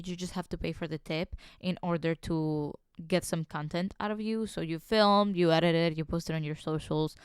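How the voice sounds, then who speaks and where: A woman hosting her own podcast, telling work stories in a casual, animated, gossipy way that turns to indignant rants. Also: lowish voice, clear, resonant tone, dry recording, clean studio sound. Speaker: podcast host. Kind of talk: casual solo podcast storytelling.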